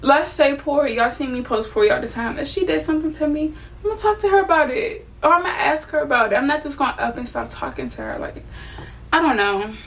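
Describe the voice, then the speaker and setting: A woman's voice: sits high, expressive, fast talker, fairly bright tone, distant mic. Young woman venting candidly while doing makeup. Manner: candid, swears freely, emotional. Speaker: vlogger. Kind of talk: casual get-ready-with-me venting.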